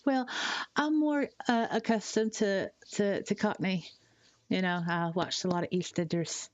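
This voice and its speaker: A woman from Tennessee, chatting casually on a live stream, rambling and halting with fillers as she reads out chat messages. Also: mid-range voice, dry recording. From Tennessee, USA.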